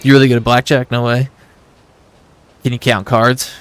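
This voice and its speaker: This streamer, an adult man with a son, chats casually with viewers and tells a long rambling story while gaming live. His mid-range voice is clear and resonant, level in tone, at a moderate pace.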